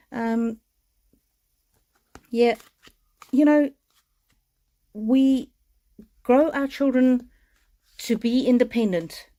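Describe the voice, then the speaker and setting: A woman's voice: on the high side, warm tone. A middle-aged woman giving a live-streamed oracle card reading in a tender, soothing and emotional manner.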